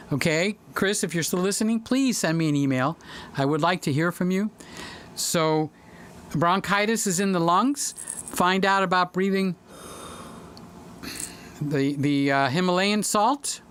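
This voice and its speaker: A man with a high-pitched, fairly bright, smooth voice hosts a casual livestream from a home studio room. He reads viewer comments, chats with people by name, and now and then breaks into sung lines.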